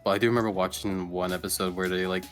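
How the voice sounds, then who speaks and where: A man's voice: sits low, little pitch movement, fast talker, fairly bright tone, soft background music. A man chatting casually on a game stream, hesitant with fillers and dry jokes.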